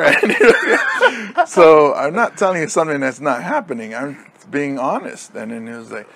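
Lively, laughing male podcast co-host. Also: a little high, moderate pace, gravelly, a crowd in the background. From Hawaii. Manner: rambling, laughing often, acts out loud exasperated coach lines. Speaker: podcast co-host, high school football coach. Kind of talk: casual chat.

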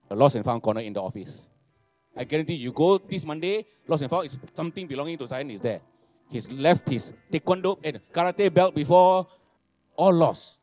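Lively pastor preaching. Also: male voice, fairly high pitch, normal speed, soft background music. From Malaysia. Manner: animated, laughing, repeats phrases and calls for amens. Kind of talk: sermon. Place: church hall.

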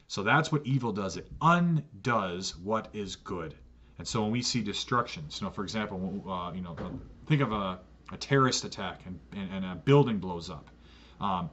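A man's voice: medium pitch, husky, dull audio. A man teaching a church catechism lesson as pastor, earnest, often repeating words as he restarts a sentence.

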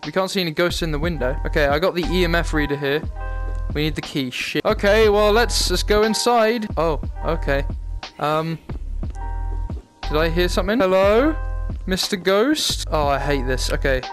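A man's voice: fairly high pitch, expressive, normal speed, soft background music. A young man giving nervous, jumpy commentary while playing a horror game on a headset mic. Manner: jumpy, nervous, laughs and yelps. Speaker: gaming YouTuber. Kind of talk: let's-play commentary.

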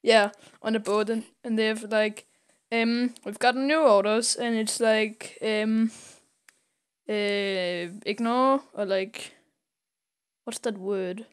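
Slow-talking woman retelling a comic. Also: medium pitch, fairly even intonation, smooth. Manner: retells scenes, putting on voices with many fillers. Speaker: podcast co-host. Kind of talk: casual comic recap with acted-out lines.

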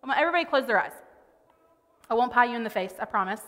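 Bright, lively woman preaching in a hall. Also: on the high side, rapid-fire. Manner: storytelling, conversational, animated. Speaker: speaker. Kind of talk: sermon. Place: church auditorium. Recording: church hall reverb.

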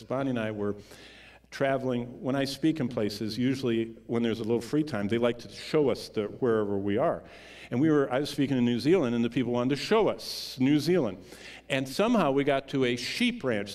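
A male pastor preaching a sermon, moving between loud, emphatic peaks and quiet, low storytelling, and drawing out key words for weight.

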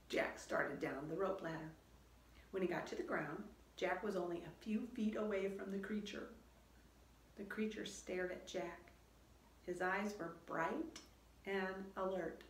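A woman reading a children's storybook aloud in a slow, expressive storytelling manner. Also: mid-range voice. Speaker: children's book reader. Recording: roomy echo.

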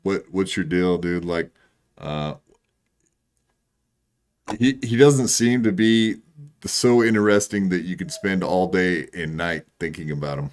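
A man's voice: deep voice, measured pace, long pauses. A man calling into a stream, angrily confronting another caller. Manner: confrontational, accusing. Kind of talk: heated call-in argument.

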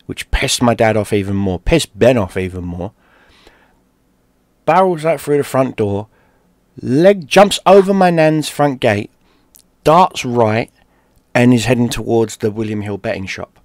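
A man from London, a gaming streamer, telling a personal story in a lively, profane way. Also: mid-range voice, a little slow, pauses often, dry recording, studio quality. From London, England. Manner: animated, profane, acts out shouted quotes.

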